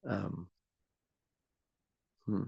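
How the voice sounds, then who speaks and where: A man's voice: extremely slow, dark tone, no room sound, highs cut off. A man co-hosting a casual podcast, musing and thinking aloud. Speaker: podcast co-host. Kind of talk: casual chat.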